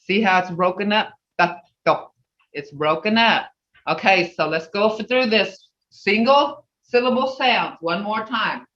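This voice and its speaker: A woman teaching a language class over a video call, slowly repeating sounds for learners to copy. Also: mid-range voice, a bit bright. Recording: dull roomy video-call audio.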